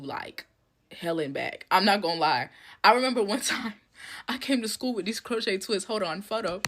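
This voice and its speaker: A young woman in her late teens tells a funny story, animated and full of slang. Her voice is bright and forward, and she keeps a playful, joking tone throughout. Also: medium pitch, slight background noise. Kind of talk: comedic story time.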